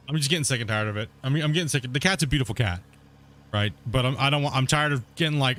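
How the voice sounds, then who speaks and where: A man's voice: medium pitch, fast talker, fairly bright tone. A man streaming a game, ranting to his viewers in casual chat and swearing a lot. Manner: heated ranting, swears often. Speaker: gaming streamer.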